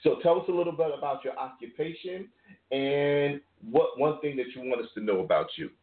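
A man's voice: a little high, brisk. A man from New York hosting a phone-in family call, emphatic and given to repeating his words. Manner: emphatic, repeats phrases for warmth. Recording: tinny phone-line audio.

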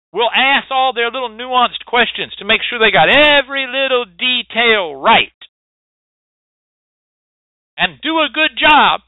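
A man's voice: very high voice, dry recording. A man hosting a show and lecturing bluntly, with swearing and preachy emphasis. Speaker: host and hoodoo teacher. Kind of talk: lecturing monologue. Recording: dry, tinny phone-like sound.

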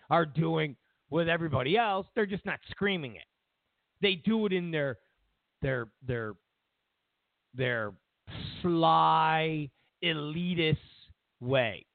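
A man with a slightly high, creaky voice speaks slowly as he hosts a talk show full of profane, mocking rants. His animated commentary comes through a dry, tinny, phone-like sound with no room sound.

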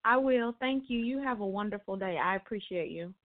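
Woman caller, agreeable and thankful, lively pitch, tinny phone line. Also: a little fast.

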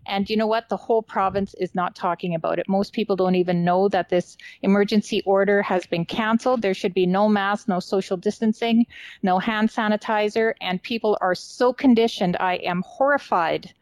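A woman, giving earnest commentary on a radio show and often pausing on fillers. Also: mid-range voice, steady tone, a little mellow, no echo, low-quality recording. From British Columbia, Canada. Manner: earnest, hesitant, with many fillers. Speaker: regular radio show contributor.

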